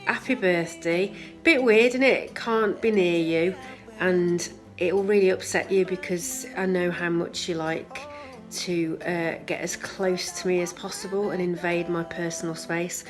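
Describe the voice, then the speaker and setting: Slow, dry-humored woman with birthday wishes. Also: lowish voice, steady tone, faint music behind. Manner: dry, teasing. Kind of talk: birthday video message.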